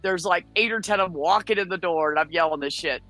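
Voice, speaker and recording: A woman from the United States tells her story in a blunt, swear-filled and lively way. Her voice is bright and forceful. Faint music plays behind her. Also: on the low side, fast talker. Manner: blunt, profane, animated storytelling. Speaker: guest. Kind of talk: casual storytelling on a chat show.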